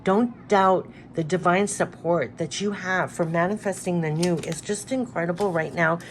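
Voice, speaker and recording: A woman's voice: lowish voice, normal speed, slight background noise. Tearful, earnest woman reading cards. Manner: emotional, repetitive, earnest, moved to tears. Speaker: tarot card reader. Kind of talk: spiritual card reading.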